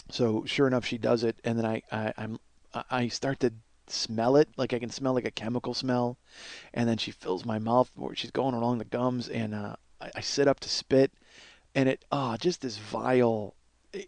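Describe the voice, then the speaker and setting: A man in his forties, a podcast host telling a comedic story in a casual, animated way, swearing and laughing along. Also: mid-range voice, dry recording. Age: 40s.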